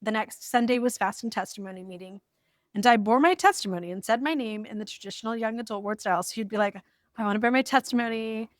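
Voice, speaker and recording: Woman in her 40s reading from her journal, wry, lighthearted, middle pitch, dry close sound. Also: fast, no room sound. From United States. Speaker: vlogger. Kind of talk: storytelling while reading from an old journal.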